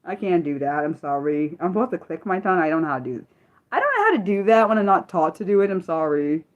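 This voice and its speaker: A young woman chats casually on her livestream and answers viewers by name. Her voice sits a little low, and she laughs easily and keeps apologizing with a loose, friendly ramble. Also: sing-song, fast talker, muffled recording. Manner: chatty, apologetic, laughs often; talks straight to chat viewers by name. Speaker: livestream host.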